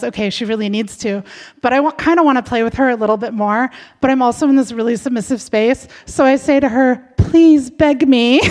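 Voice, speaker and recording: High-voiced woman telling a frank story. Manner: candid, frank, chatty with many fillers. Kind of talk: personal storytelling.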